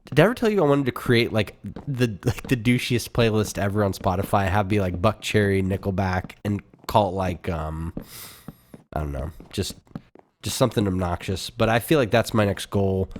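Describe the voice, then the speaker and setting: A man's voice: lowish voice, normal speed, a little hiss or hum. A man co-hosting a podcast, chatting casually and rambling with fillers. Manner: rambling, with many fillers and laughs. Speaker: podcast co-host. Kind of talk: casual chat.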